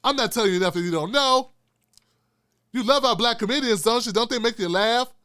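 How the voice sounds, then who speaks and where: A male host giving an animated, profane political commentary rant. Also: very high voice, fairly quick, dry recording, studio quality.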